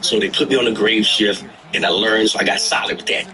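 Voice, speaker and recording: A man telling stories in casual chat, animated, acting out the people he quotes and swearing freely. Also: on the low side, quick pace, low-quality recording. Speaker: livestream host telling stories. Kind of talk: casual storytelling.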